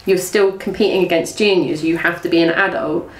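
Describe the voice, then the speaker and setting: A young woman from England, a former athlete, tells her story in a chatty, rambling way, full of restarts and reported speech. Her voice sits a little low. The recording is roomy and echoey, with the mic set well back and faint noise behind. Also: fairly even intonation, brisk, recorded from a distance. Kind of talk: casual storytelling interview.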